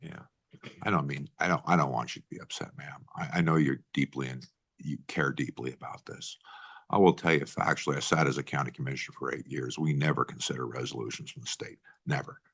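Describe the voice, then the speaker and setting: A man's voice: a bass voice, brisk, gravelly, a bit bright, husky. A middle-aged man, a state senator, questioning a witness in a committee hearing in a blunt way, with frequent restarts. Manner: blunt, repeats himself, restarts often.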